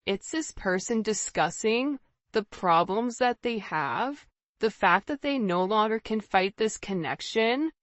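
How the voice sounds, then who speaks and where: A woman's voice: mid-range voice, dry recording. A woman giving a casual tarot reading, speaking earnestly and repetitively straight to the viewer. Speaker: tarot reader. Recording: slightly dull lo-fi sound.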